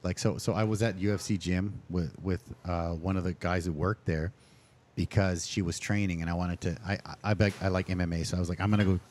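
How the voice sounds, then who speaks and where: A man's voice: deep voice, steady tone, fairly quick, a little mellow, a little hiss or hum. A man, a restaurant owner, chatting as a guest on a podcast, telling stories in a rambling way and acting out what people said. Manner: chatty storyteller who acts out quoted speech; rambling, with many restarts and fillers. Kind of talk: casual interview chat.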